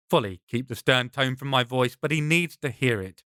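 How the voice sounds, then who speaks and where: A man narrating his own first-person novel as an audiobook, in a measured, dramatic storytelling manner. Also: medium pitch, lively intonation, sharp tone, clean tone, no echo, studio quality. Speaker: author and narrator.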